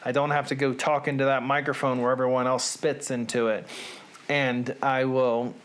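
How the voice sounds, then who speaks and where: A man with a Southern US accent hosting his own show, talking casually in a rambling, deadpan, self-deprecating way from a small room at home. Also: mid-range voice, moderate pace, clean tone. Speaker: show host. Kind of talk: casual monologue to camera.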